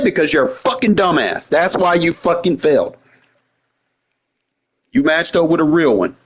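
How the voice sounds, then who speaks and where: A man's voice: a little high, expressive, normal speed, long pauses, breathy edge. A man streaming a football video game, trash-talking his opponent with heavy profanity and taunts. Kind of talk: live game-stream reaction.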